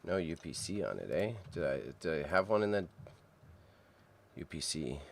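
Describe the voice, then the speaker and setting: Low-voiced man musing while typing. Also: normal speed, creaky. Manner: relaxed, self-mumbling, thinks aloud while typing. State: throat clearing, a bit phlegmy. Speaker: streamer and reseller. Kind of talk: casual co-working stream chat. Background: keyboard typing.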